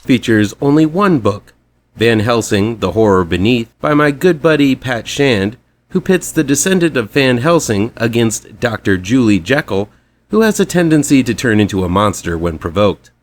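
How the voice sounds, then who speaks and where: A man's voice: medium pitch, sing-song, normal speed. A man hosting a weekly horror comics show, reading a scripted rundown with chatty, fan-like enthusiasm.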